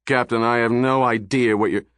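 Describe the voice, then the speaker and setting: Man doing a gruff, blunt police commissioner. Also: mid-range voice, steady tone, moderate pace, a bit bright, no echo, studio quality, close to an everyday voice. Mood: alarmed.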